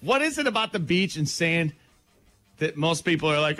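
A man in his thirties with a somewhat high voice, co-hosting a relaxed comedy chat. He rambles and laughs a lot. The sound is dry and close to the mic. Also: normal speed, no room sound, faint music behind. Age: 30s. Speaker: co-host.

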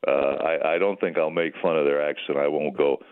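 A man's voice: very deep voice, steady tone, a little fast, clean tone. An older man, a retired sports broadcaster, calling in by phone and reminiscing in a folksy, chatty way. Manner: folksy, chatty, many fillers and restarts. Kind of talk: reminiscing interview answers. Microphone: telephone. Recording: tinny phone line.

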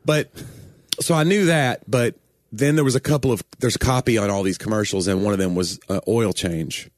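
A man's voice: mid-range voice, a little fast, no echo, clean studio sound. A man from Knoxville, Tennessee with a toned-down East Tennessee Southern accent, co-hosting a podcast in casual, joking banter and acting out quoted voices. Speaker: podcast co-host.

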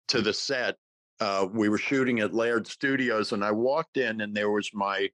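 Sixties man, actor guest, spins anecdotes with lively character voices, lower register, dry sound. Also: dry recording, low-quality recording. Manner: animated storyteller, acts out quoted dialogue. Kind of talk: casual interview storytelling.

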